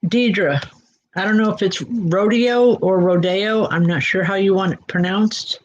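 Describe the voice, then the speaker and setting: Woman medium, mid-pitched, gentle and reassuring, dull lo-fi audio. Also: normal speed. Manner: gentle, reassuring, speaks straight to listeners by name. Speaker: psychic medium. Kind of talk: live spirit readings and announcements. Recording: dull lo-fi recording.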